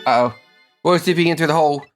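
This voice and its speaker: A woman's voice: low voice, very fast, faint music behind. A woman streamer casually playing through a game, reading its lines aloud and muttering asides.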